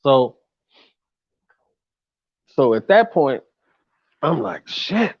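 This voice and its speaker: Unhurried and mid-range in pitch, a man spins an animated, laid-back story about touring, thick with slang and profanity. Every so often he shouts out a quoted line, and the recording has a lo-fi quality.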